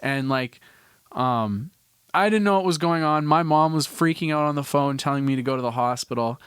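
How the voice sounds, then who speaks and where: A man's voice: on the high side, moderate pace, a bit bright, clear, resonant tone, no room sound, clean studio sound. A young man from Canada hosting a podcast, telling a story in a loose, rambling way with lots of restarts and casual swearing. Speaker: podcast host.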